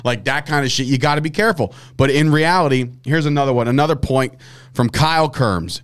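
Man, podcast co-host, casual sports talk, swears, stumbles and repeats words, animated. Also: mid-range voice.

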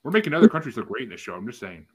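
A man's voice: mid-range voice, sing-song, rapid-fire, low-quality recording. A man hosting a casual group podcast, reading out facts and asking each co-host for a vote. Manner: reads out facts, then polls each co-host.

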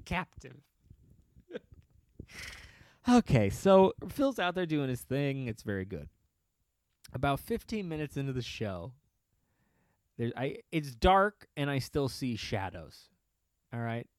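A man's voice: medium pitch, a little mellow, no room sound. A man telling a rambling, profane comedic story on a podcast and laughing often. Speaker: podcast host.

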